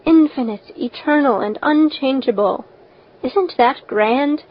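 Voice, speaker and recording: Brief: an eager, chatty, imaginative orphan girl, as a woman reader puts her on. High-ish, dull recording. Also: slow pace. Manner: eager, talkative, dreamy.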